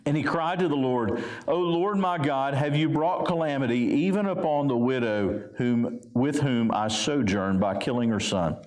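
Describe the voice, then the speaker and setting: A pastor with a Southern US accent reading scripture aloud and explaining it conversationally in a sermon. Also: male voice, medium pitch, normal speed, few pauses, darkish tone. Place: church sanctuary. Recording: roomy church echo.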